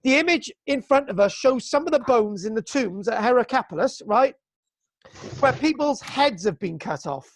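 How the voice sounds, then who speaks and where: A man from Britain teaching archaeology to young students over a video call, excitable and jokey, mock-exasperated, tagging "right?" onto his sentences. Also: very high voice, moderate pace, dry recording. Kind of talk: live online class.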